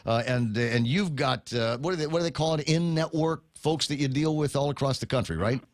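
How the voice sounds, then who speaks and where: A man's voice: mid-range voice, fairly quick, no echo. A man hosting a morning radio talk show, chatting casually, joking and rambling with many fillers. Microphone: studio microphone.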